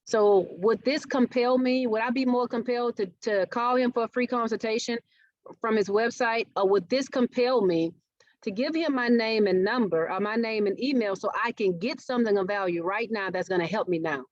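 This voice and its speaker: This marketing speaker runs her workshop engagingly, regularly asking the audience questions. She speaks a little fast in a slightly high voice. The webinar sound is flat and dry, with no echo.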